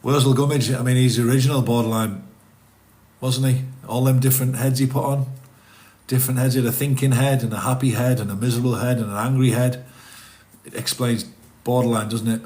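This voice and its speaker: This middle-aged livestream host has a medium-pitched, darkish voice with fairly even intonation and a fairly quick pace. He rambles through casual live chat, reading and responding to viewer comments.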